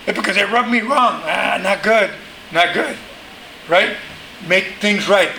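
High bright-voiced preacher guy, keeps asking "right?", roomy echo, bit of hum behind. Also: slow, gravelly. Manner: emphatic, call-and-response, frequent "right?". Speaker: pastor. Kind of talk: sermon.

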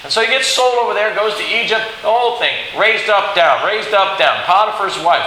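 A man preaching a sermon, telling a Bible story in an animated way and acting out the quoted lines. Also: sits high, a little fast, hardly any pauses. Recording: very echoey hall with faint hiss.

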